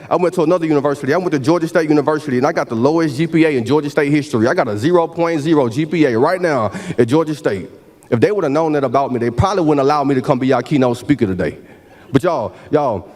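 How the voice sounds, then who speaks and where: A man's voice: a little high, a little mellow. A man, giving a motivational keynote speech at a university ceremony in a preacherly call-and-response style. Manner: preacherly, repeats "y'all" often, call-and-response. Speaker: keynote speaker. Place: large hall at a university ceremony.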